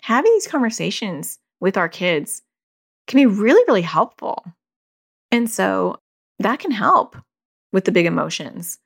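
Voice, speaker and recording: Middle-aged woman talking parenting tips, chatty, lots of you-knows, mid pitch. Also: sing-song, unhurried, gravelly, slightly rough. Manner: chatty, fillers like "you know". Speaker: parenting coach. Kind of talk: casual advice talk.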